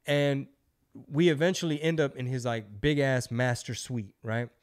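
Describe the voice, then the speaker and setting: A man's voice: medium pitch, moderate pace. A middle-aged man hosting a podcast, telling a long story in a loose, profane, casual way. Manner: loose, profane, animated storyteller who acts out quotes. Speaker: podcast host.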